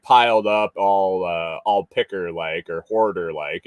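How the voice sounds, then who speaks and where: A man with a low voice telling a casual story as a show host. He rambles, circling back with fillers and restarts. The sound is dry and close. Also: measured pace, few pauses, dry recording.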